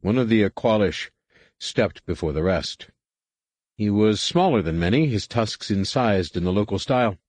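A male narrator reads a science-fiction novel in a measured, steady way. His voice sits on the low side, and the recording is dry, with no room sound. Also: dry recording. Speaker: audiobook narrator. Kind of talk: scripted narration.

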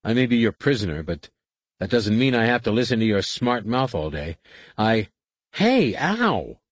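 A man voicing a bitter, sneering male pilot held as a prisoner, in a sarcastic, higher-pitched voice. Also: expressive, normal speed, no room sound.

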